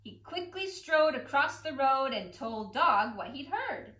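A woman librarian reads rhyming picture books aloud to children with an expressive, rhythmic lilt. Her voice is high and her pace unhurried, and the library room gives a noticeable echo. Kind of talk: storytime read-aloud. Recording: echoey room.

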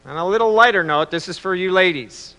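A man preaching a Father's Day sermon, telling stories with reflective pauses. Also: high-pitched, pushed and bright, smooth. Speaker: pastor. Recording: long reverb in a large hall.

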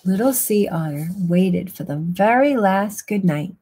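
A woman reading bedtime picture books aloud in a soft, hushed, soothing voice. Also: medium pitch, lively intonation, measured pace, slightly rough. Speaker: storyteller. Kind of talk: quiet bedtime story reading.

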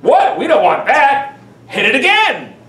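A man playing a shrieking, high-pitched ancient Egyptian, outraged; echoey room, voice far off. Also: huge pitch swings, measured pace, bright, forceful tone, exaggerated voice. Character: angry ancient Egyptian man beating a frog.

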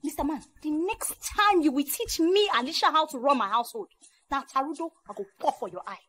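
A shrill furious wife. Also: female voice, animated, fairly quick, sharp tone. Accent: Nigerian. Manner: scornful, threatening tirade. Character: furious wife confronting her brother-in-law.

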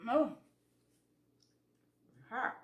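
An extremely slow-speaking woman chats casually with viewers while she eats, telling folksy stories and acting out both sides of conversations. This eating vlog's audio is reverberant and dull.

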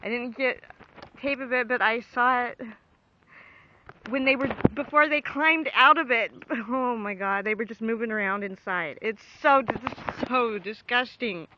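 A young woman outdoors on a dog walk, filming with a handheld camera and talking off the cuff, grossed out and repeating her exclamations, sometimes shouting for her dog. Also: fairly high pitch, measured pace. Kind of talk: unscripted phone-camera commentary. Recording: dull lo-fi home video with faint background noise.

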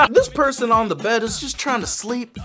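Man, high voice, very animated pitch, joking reaction host, faint music behind. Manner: animated, joking, frequent exclamations. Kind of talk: casual reaction commentary.

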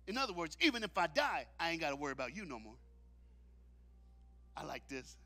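A man preaching a sermon in a church, dramatic and leading the crowd in call-and-response, swinging from shouts to hushed lines. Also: fairly high pitch, sing-song, fairly quick, long pauses. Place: church auditorium.

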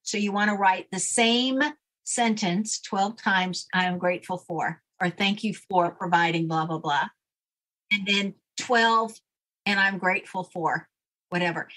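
A woman's voice: mid-range voice, fairly bright tone. A woman guest explaining a daily routine step by step in a firm, instructive way during a casual interview. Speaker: guest, name expert.

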